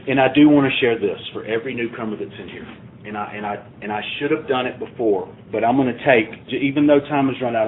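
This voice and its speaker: A man's voice: medium pitch, a little hiss or hum. A man giving a plainspoken, earnest talk at a recovery meeting, building to emphatic points. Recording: tinny phone-like sound.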